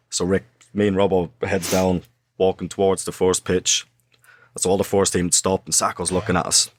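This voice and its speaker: Man telling lively football stories. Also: sits low, fairly quick. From Ireland. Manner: animated anecdotes, acts out quotes, swears. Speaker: former footballer, guest. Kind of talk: casual storytelling. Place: podcast studio.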